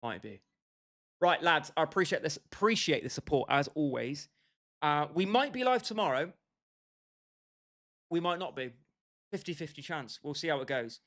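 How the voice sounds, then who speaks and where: A man's voice: on the high side, animated, moderate pace, pauses often, a bit bright. A young British man casually chatting with his livestream viewers, bantering with them by name and laughing often. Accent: British English. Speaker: streamer.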